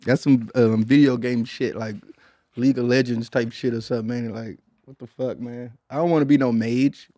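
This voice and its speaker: Man, podcast host, middle pitch, casual and profane, says "man" constantly, dry close sound. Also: fairly even intonation, moderate pace, dark tone, no room sound. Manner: profane, laid-back, filler "man" after most phrases. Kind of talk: casual comedic podcast chat.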